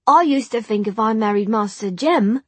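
Here is a tearful young housemaid, as a woman narrator puts her on, plain-spoken and frank. Her voice rides high and cracks with crying, with a husky edge. The recording is close and dry. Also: expressive, normal speed, dry recording. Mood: wistful.

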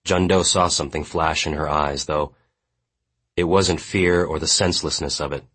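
Reading literary fiction aloud, this male audiobook narrator keeps a steady, scripted, grave tone at a measured pace. His voice is extremely deep, husky and breathy.

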